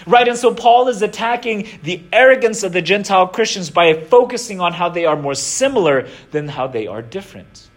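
High-voiced young man preaching casually. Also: animated, brisk, hardly any pauses. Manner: retells scripture in slangy everyday words, many restarts. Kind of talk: casual sermon.

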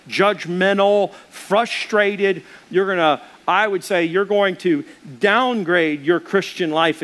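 A man's voice: high voice, fairly bright tone. A male pastor preaching a sermon, earnest and emphatic, speaking straight to his listeners and driving points home by repetition.

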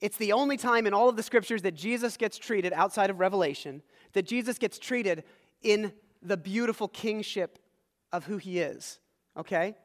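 A man preaching a sermon in a church sanctuary, his voice set high for a man. He swings between loud, stressed points and quiet, low asides. A long reverb from the big hall trails every phrase. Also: normal speed. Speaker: pastor.

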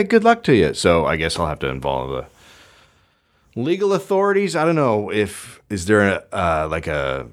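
Foul-mouthed rambling man with animated swings. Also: sits low. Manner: profane, rambling, sarcastic. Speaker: podcast host. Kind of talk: solo comedic monologue. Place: home closet studio. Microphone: studio microphone.

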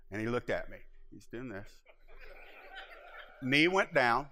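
A middle-aged man preaching a sermon as pastor, telling stories in an animated way with laughs and acted-out asides. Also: fairly high pitch, moderate pace. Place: church sanctuary. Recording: hall reverb from a church.

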